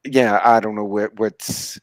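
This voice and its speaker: A man's voice: fairly low pitch, fairly even intonation, measured pace, no echo. A man in a casual chat, telling stories with a wry, dry humor. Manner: wry, storytelling.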